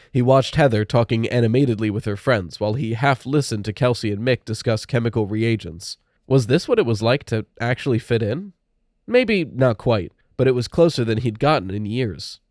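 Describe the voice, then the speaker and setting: In a close, dry recording free of any room sound, a man reads aloud from a spooky young-adult book. His voice sits in a normal middle range, and his pacing stays measured and steady.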